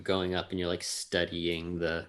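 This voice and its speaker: A man narrating as game master of a tabletop game, describing scenes in a slow, measured way with frequent fillers. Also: sits low, monotone, fairly bright tone, clean tone.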